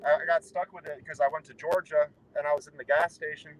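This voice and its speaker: A young man on a road trip talks casually from inside his moving car, with faint road and vehicle noise behind him. His voice sits on the high side with fairly even intonation and a fast pace, and his rambling, wry, offhand chat is captured in a low-quality recording.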